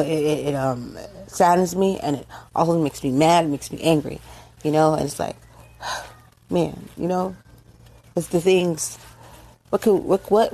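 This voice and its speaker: A middle-aged woman from the United States, hosting a casual monologue, speaking emotionally and haltingly with many fillers and restarts, tearful. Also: low-pitched, creaky, mellow. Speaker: host. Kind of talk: casual monologue on current events.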